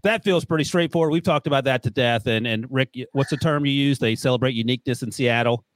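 A man's voice: mid-range voice, fast, dry recording. A man hosting a casual sports talk show, joking and steering the conversation. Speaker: podcast host.

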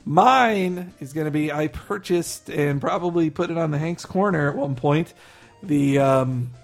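A man's voice: fairly high pitch, measured pace, creaky, faint music behind. A man co-hosting a casual podcast chat, playful and teasing, laughing often. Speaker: podcast co-host.

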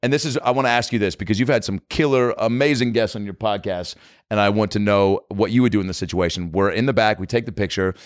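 A young man talks fast and tells a story with energy, jumping into loud acted-out quotes. The recording is dry and close, with no room sound. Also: fairly low pitch, dry recording. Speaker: comedian and podcaster. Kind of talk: casual chat, telling an animated story.

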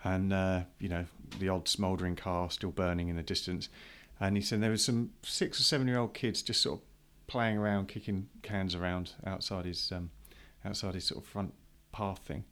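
Low-voiced man in easy chat. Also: level tone, a bit bright. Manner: easygoing storyteller, quick agreeing backchannels. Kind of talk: casual chat.

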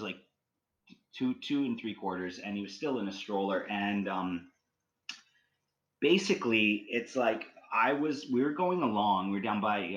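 A man's voice: lowish voice, fairly bright tone, lo-fi sound. A man casually telling a long personal story in conversation, rambling with many fillers, restarts and "you know"s.

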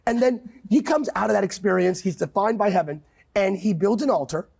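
Brief: male pastor guest, high gravelly voice, emphatic preaching cadence. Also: fairly quick, darkish tone. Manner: emphatic, quotes scripture, swings pitch widely. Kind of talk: impassioned preaching in conversation.

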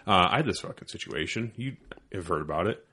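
A man's voice: low voice, lively intonation, fast talker, pushed and bright, slightly rough. A man in his thirties, a former Army sergeant, telling a heated, profane story in casual podcast chat. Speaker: podcast co-host.

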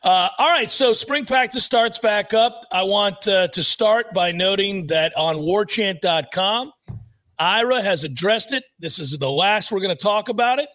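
A man co-hosting a casual sports podcast, animated and joking, with mock-grandiose asides. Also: high voice, measured pace. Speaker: podcast co-host.

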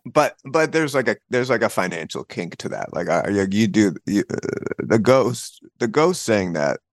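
A man's voice: on the low side, sing-song, moderate pace, no echo, clean studio sound. A man appearing as a comedian guest on a podcast, riffing absurdly and laughing often. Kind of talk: casual comedic chat.

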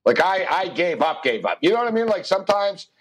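High-voiced man hosting a betting show. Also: a little fast, low-quality recording. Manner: animated storyteller who acts out dialogue, laughing often. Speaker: sports betting show host. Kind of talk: casual chat.

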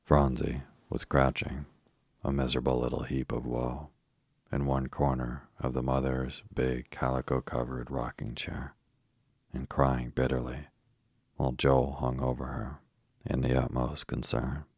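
A man narrating a children's storybook as an audiobook, reading in a steady, even way. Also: rumbling low, unhurried, vocal fry, husky, no echo, studio quality. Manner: steady, even reading with little rise and fall.

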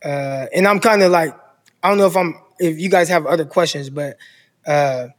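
A man's voice: on the high side, moderate pace, long reverb tail. A man in his thirties from California, telling his own football story in casual podcast talk and acting out the people in it. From Stockton, California. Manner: animated storyteller who acts out coaches' voices. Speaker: podcast guest, former football player.

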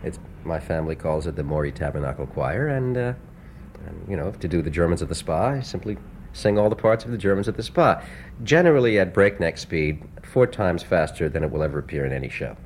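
A man, a composer being interviewed, speaking earnestly in a hesitant way with many pauses and restarts. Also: sits low, animated, a little mellow, a little hiss or hum. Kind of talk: casual interview talk.

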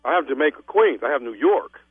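A man making a prank phone call as a fake travel agent, stammering and feigning calm composure. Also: mid-range voice, fast, husky, dry recording, faint music behind. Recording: tinny phone line.

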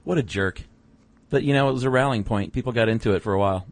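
A man's voice: medium pitch, fast talker, no echo. A man co-hosting a podcast in casual conversation, laid-back and joking, often laughing. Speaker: podcast co-host.

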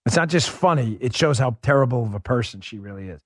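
A man's voice: medium pitch, lively intonation, fast, fairly bright tone, no echo, studio quality. A man hosting a political talk show, giving opinionated commentary with emphatic, sarcastic rhetorical questions.

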